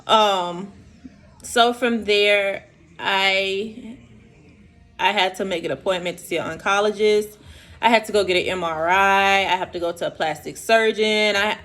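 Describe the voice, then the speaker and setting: A woman's voice: mid-range voice, fairly bright tone. A young woman tells viewers her personal story in an earnest, emotional vlog, speaking to them directly. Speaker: vlogger sharing her diagnosis.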